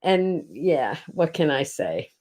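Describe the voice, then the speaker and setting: A woman's voice: low voice, big pitch swings, slow pace, a little mellow. A middle-aged woman hosting a casual live morning chat, rambling and greeting viewers by name. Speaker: host.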